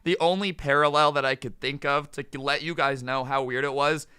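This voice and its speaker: A man's voice: fairly high pitch, steady tone, moderate pace, bright, forceful tone, smooth, no echo, studio quality. A man telling a storytime vlog in a casual, joking, sarcastic way. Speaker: storytime YouTuber.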